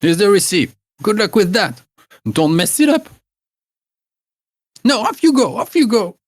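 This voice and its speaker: Picture a bossy, shrewd old hag of a healer barking out remedies and orders, as a man puts her on in a tabletop game. Her voice sits high and fussy, tripping over fillers. The sound is dry, with no room around it. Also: sing-song, a little slow, dry recording, heavily acted. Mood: dismissive. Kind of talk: voicing a character in a tabletop game.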